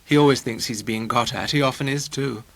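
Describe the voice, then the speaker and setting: A man voicing a poised, mature woman who speaks in a very clear, dry, ironic way. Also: medium pitch, fairly quick, a bit bright, no room sound. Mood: wry. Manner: abnormally clear, dry irony.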